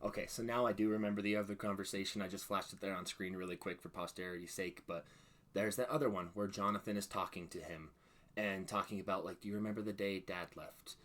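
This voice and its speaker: Excitable guy doing a reaction review, lowish voice, kinda tense and punchy. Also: fast talker. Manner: excitable, bursts into loud exclamations. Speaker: reaction channel host.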